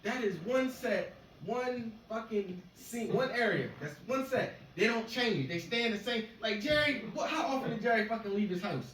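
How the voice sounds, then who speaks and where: A man's voice: sits high, lively intonation, moderate pace, a bit bright. Profane, rambling man telling stories. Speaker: stand-up comedian. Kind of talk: casual storytelling stand-up. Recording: echoey room, far mic, noisy.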